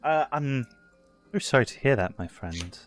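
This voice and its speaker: A man voicing his earnest adventurer character in a tabletop game, speaking softly and sympathetically. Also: medium pitch, animated, moderate pace, faint music behind, natural voice. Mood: sympathetic. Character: earnest male adventurer Bart, consoling.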